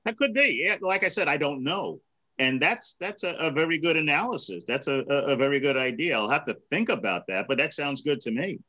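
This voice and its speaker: Man, bright forceful voice, thoughtful, hesitant, video call discussion. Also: fairly high pitch, animated, a little fast, low-quality recording. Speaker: discussion series presenter. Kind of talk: casual group discussion.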